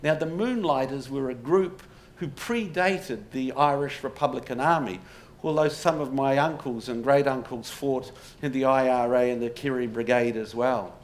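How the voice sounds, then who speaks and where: In a public lecture given to a live pub crowd, a man relates stories using wry humour and rhetorical questions. He has a mid-range voice at normal speed and hardly pauses, while the audience laughs over faint room noise.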